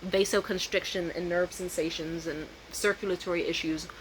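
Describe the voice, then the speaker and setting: A young woman vlogging a casual storytime rant, swearing freely and switching to high, loud voices when she quotes people. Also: normal speed, slight background noise. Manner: animated, profane, jumps into high voices when quoting.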